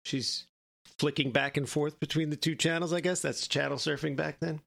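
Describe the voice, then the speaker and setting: A man's voice: fairly high pitch, fairly even intonation, normal speed, vocal fry, a bit bright. A man co-hosting a podcast, telling a long story in a casual, rambling way and often checking in with "right?". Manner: rambling, keeps adding "right?". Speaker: podcast co-host.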